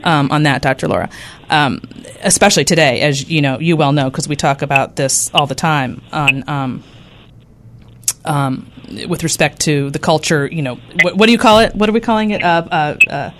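A woman hosts a radio talk show, earnest and a little halting as she frames her questions. Her voice sits somewhat low. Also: noisy background. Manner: hesitant, many ums and restarts, earnest. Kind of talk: radio interview.

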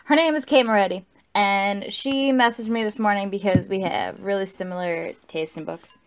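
A woman's voice: medium pitch, normal speed, a little hiss or hum. A tipsy woman rambling through a casual, profane book review and correcting herself as she goes.

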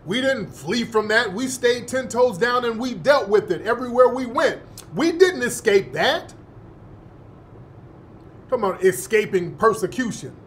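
Indignant high-voiced male commentator. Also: expressive, unhurried, slight background noise. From United States, born in the North, raised in the South. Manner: indignant, profane, repeats phrases for emphasis. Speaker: host. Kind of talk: heated commentary.

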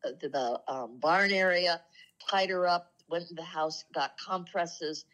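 In a lowish voice, a spiritual talk show co-host shares heartfelt stories in a relaxed, conversational way, earnest throughout and slowing softly at emotional moments. The recording quality is low.

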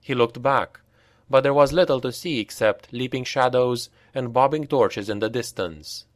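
A man narrating a dark fantasy audiobook in a grave, unhurried storytelling voice, on a close mic. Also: medium pitch, no room sound. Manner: unhurried, grave storytelling that lifts for shouted dialogue.

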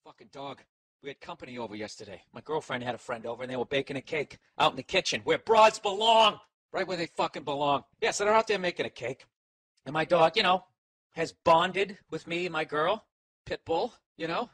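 A man's voice: a little high, brisk, a bit bright, no room sound. Boston guy ranting on his podcast, profane and sarcastic, dry close sound. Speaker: podcast host. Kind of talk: rambling comic monologue.

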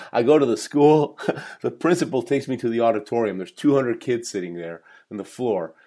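Lively, laughing man in his fifties telling stories. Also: medium pitch, moderate pace. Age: 50s. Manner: energetic storyteller who laughs often. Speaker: guest, professional speaker. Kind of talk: podcast interview storytelling.

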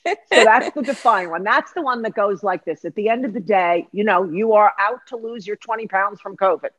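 Brief: lively, emphatic female life coach, middle-aged, lo-fi dry podcast sound. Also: mid-range voice, normal speed, no echo. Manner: emphatic, lively, acts out voices. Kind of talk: animated teaching in conversation.

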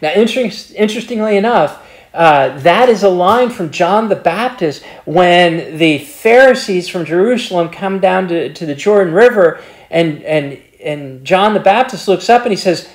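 A man's voice: high-pitched, lively intonation, reverberant. Earnest man leading a Bible study. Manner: halting, with frequent repeated words and restarts; earnest, slows down for emphasis.

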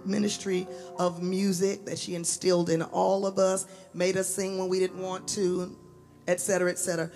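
A woman giving a lively storytelling tribute to her late mother at a memorial service in a church. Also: on the low side. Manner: animated storyteller acting out voices. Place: church sanctuary.

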